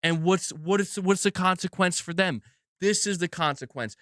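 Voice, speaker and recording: A man's voice: sits high, moderate pace, a bit bright, no room sound, studio quality. A man ranting on his live stream, exasperated and swearing a lot. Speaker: gaming news streamer.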